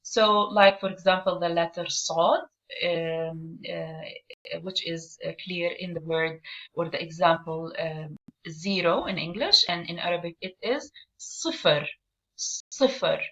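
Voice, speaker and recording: A woman teaching an Arabic pronunciation lesson, patient and deliberate as she models words, with frequent fillers and pauses. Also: fairly low pitch, fairly bright tone. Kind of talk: online language lesson. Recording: dull, lo-fi recording.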